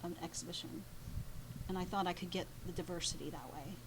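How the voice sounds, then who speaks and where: A woman painter, a guest in an interview, telling a story in a halting way, with many pauses and restarts. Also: on the low side, steady tone, background noise.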